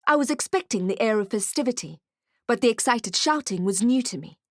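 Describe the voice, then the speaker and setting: A woman reading an audiobook in first person with wry, expressive storytelling. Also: on the high side, a little fast, no echo, studio quality. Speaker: audiobook narrator. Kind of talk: scripted first-person narration.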